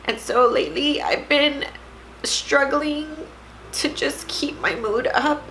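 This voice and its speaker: A woman from Texas in her thirties, vlogging at home in a halting, tearful way, close to crying. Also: high-pitched, slight background noise, rough recording. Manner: tearful, halting, soft-spoken. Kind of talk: emotional personal vlog.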